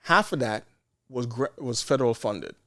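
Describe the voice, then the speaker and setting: Animated man telling a story. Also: mid-range voice, moderate pace. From Canada. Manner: animated, acts out quoted exchanges with frequent restarts. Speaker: podcast guest, nurse. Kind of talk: casual storytelling chat.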